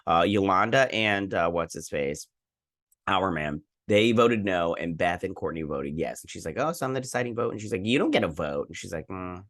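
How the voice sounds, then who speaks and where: A man hosting a casual recap show, retelling scenes in a rambling, animated way and quoting characters. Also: sits low, normal speed, no room sound, studio quality. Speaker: host.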